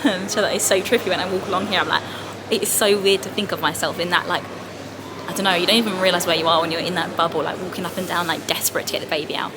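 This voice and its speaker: A woman's voice: fairly low pitch, fairly even intonation, rapid-fire. A woman, vlogging candidly and chattily about her day as a new mum. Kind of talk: casual vlog chat. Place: car, then hospital hallways. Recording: noisy background.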